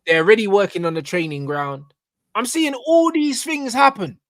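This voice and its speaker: A young man, voice pitched a touch higher than most, argues his football opinions with passion and frequent swearing. He keeps asking whether you know what he's saying. The sound is dry and close, with no room behind it. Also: normal speed, a bit bright, no room sound. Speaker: co-host, football fan. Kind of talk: casual football debate.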